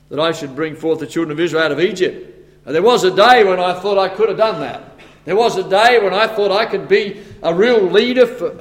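A man preaching a sermon, acting out the voices of Moses and God with stammers and asides. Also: fairly high pitch. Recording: long hall reverb.

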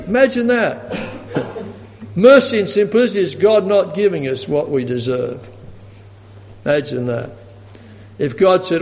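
A man's voice: sits high, measured pace, pauses often, a little mellow. A man preaching a sermon emphatically and chuckling as he tells a story. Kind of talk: sermon with anecdote. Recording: echoey hall, dull lo-fi sound.

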